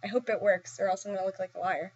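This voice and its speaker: A woman's voice: mid-range voice, steady tone, fast talker, darkish tone, slight background noise. A young woman vlogging in a casual, rambling way, giggly and self-deprecating as she answers questions. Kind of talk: casual chat. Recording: dull dry lo-fi recording.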